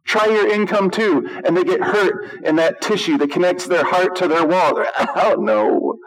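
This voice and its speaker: A male pastor giving an animated, emphatic sermon, with humor and acted-out quotes. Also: sits high, normal speed, low-quality recording.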